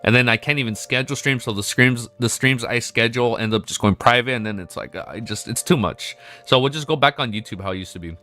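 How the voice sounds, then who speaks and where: Guy streaming and reading a novel out loud, bright voice, stops now and then to tell his pet off, bit of music way in the back. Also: medium pitch, fast, few pauses. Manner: reads in a steady first-person narration, breaking off to scold his pet. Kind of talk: casual livestream, reading a novel aloud.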